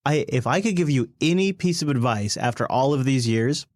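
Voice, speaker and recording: A man's voice: mid-range voice, animated, fairly quick, a little mellow, dry recording, clean studio sound. Earnest man giving plain advice. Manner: earnest, reflective, occasional swearing. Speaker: podcast co-host. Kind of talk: casual chat, giving advice.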